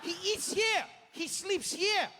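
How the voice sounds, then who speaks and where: A man voicing an overly cheerful male tour guide in a high, sing-song voice. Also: animated, slow pace, sharp tone, in a large hall, slight background noise, full character voice.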